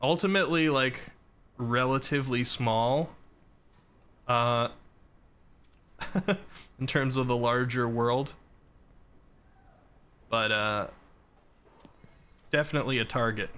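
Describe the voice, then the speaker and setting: Bright-voiced man streaming and chatting. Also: medium pitch, takes it slowly, long pauses, clear, resonant tone. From Boston area, Massachusetts. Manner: relaxed, chatty, reads out chat messages. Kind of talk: casual chat while playing a game.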